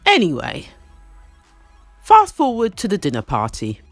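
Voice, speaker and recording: A man talks through a reality show episode in a casual, opinionated commentary, repeating lines for emphasis. His voice sits a little high and swings widely in pitch. The sound is dry and close, with faint music underneath. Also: huge pitch swings, unhurried, creaky, dry recording.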